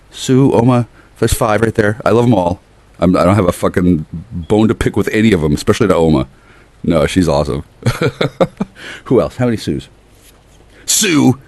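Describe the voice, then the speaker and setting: Low-voiced man in a profane rambling rant. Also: a little mellow, no echo. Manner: profane, erratic, shifts between ranting and murmuring. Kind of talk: rambling monologue to camera. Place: outdoors on a porch.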